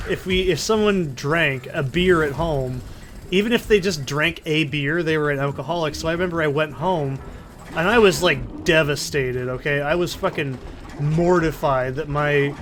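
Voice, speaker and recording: A man's voice: on the high side, fairly bright tone. A man casually commentating a video game, telling a long story with a lot of swearing and digressions. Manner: rambling, profane, self-interrupting. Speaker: let's play commentator. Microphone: desk condenser mic in a soundproofed corner.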